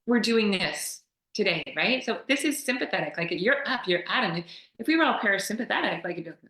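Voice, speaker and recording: Woman, yoga teacher, casual call. Animated, laughs a lot, bright forceful tone, roomy echo. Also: medium pitch, quick pace. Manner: animated, laughs often, acts out quoted voices. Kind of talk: casual explanatory chat on a call.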